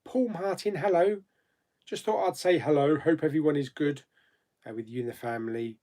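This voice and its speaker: A man's voice: fairly high pitch, moderate pace, dark tone. A man hosting a casual live chat, reading viewer comments aloud and answering them with frequent laughs. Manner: chatty, laughs often, reads comments aloud then answers. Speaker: YouTube host.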